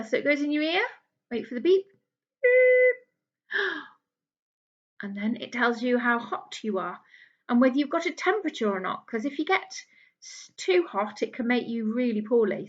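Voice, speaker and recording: A woman teaching a phonics lesson to young children, drawing out each word slowly and encouraging them in a sing-song way. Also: on the high side, expressive, highs cut off. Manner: slow, drawn-out enunciation of each word. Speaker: early years teacher.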